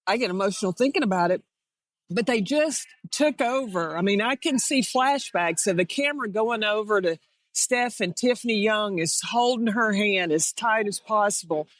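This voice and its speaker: A woman's voice: medium pitch, animated, normal speed, no echo. A middle-aged woman, a former head coach, reminiscing in an interview and acting out quoted dialogue as she tells her stories. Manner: storytelling that acts out quoted dialogue.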